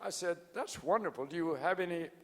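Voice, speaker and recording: A high-pitched, animated, slightly fast voice belongs to a ninety-year-old, hard-of-hearing founder giving a rambling, folksy anniversary speech and losing his place. It's recorded in a large event hall with faint crowd and noise.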